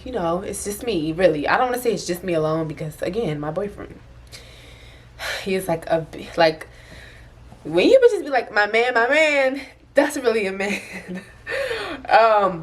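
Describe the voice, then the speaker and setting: A young woman, a single mother, talking candidly in a casual confessional vlog, rambling and conversational. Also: mid-range voice. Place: bedroom at home with open window.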